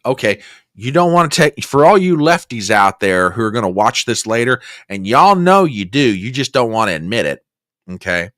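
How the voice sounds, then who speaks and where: A man's voice: medium pitch, bright, forceful tone, dry recording, studio quality. A man hosting a political commentary show, ranting with exasperated sarcasm. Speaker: host.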